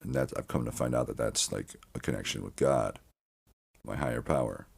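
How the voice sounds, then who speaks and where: Super low rumbly guy with a lot of fry, just rambling on his podcast, restarts and cusses. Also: brisk, darkish tone. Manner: meandering, frequent restarts and swearing. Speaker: podcast host. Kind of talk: casual rambling monologue.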